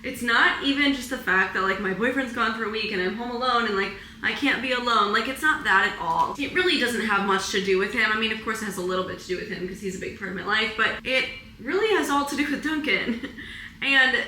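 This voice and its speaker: A woman's voice: fairly high pitch, fast talker, sharp tone, roomy sound, slight background noise, poor audio. A young woman vlogging at home in a rambling, emotional way, saying "like" constantly and close to tears. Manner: rambling, heavy use of "like", emotional and tearful. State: teary, close to crying. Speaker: wellness vlogger. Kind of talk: casual confessional vlog. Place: apartment at home.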